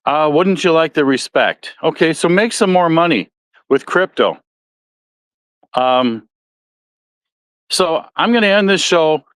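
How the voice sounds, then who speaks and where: Midwestern male podcast host, somewhat high voice, rambling and folksy, dry close recording. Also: lively intonation, measured pace, long pauses, fairly bright tone, clean tone, no room sound. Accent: Midwestern American. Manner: rambling, self-correcting, folksy. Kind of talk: casual solo podcast talk.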